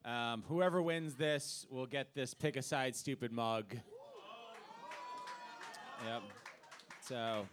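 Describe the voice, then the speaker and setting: A man's voice: medium pitch, takes it slowly, long pauses, noisy background. A man hosting a live comedy game show on a club stage, upbeat and announcing.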